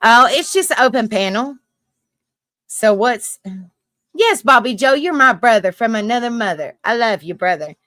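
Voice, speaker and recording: A woman in her thirties with a Southern US accent, hosting a casual live chat stream, talkative, apologetic and quick to laugh, a little troubled by allergies. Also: fairly high pitch, lively intonation, fairly bright tone, dry recording. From South Carolina and Tennessee, US. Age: 30s. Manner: chatty, apologetic, laughs often. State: coughing from allergies. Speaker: livestream host.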